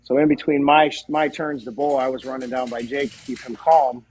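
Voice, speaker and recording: A man as a podcast guest, telling stories in a casual, animated way and acting out the dialogue. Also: medium pitch, fairly quick, faint music behind, poor audio. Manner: animated, acts out quoted dialogue. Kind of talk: casual storytelling.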